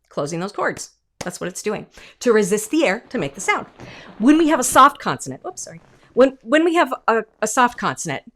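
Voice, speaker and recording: A woman vocal coach teaching an online singing lesson, demonstrating sounds and acting out little voices. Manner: animated, demonstrates sounds and sung notes; acts out imagined voices with leaps in pitch.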